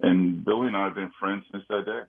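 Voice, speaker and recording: A man with a very deep voice, heard over a thin, phone-like line. He talks easily and unhurriedly about his work, with short, agreeable replies between longer stories. The voice is low and relaxed. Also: fairly quick, creaky. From Kansas City. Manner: easygoing, brief agreeing replies. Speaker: security consultant guest. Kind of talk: casual interview chat.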